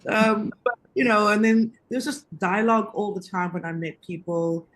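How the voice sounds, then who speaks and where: A woman's voice: mid-range voice, normal speed. A woman shares anecdotes on a radio show in a mid-range voice. She is chatty and easygoing, laughing often and leaning on you-knows and ums. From South Africa. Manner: chatty, laughing easily, many fillers. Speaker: guest.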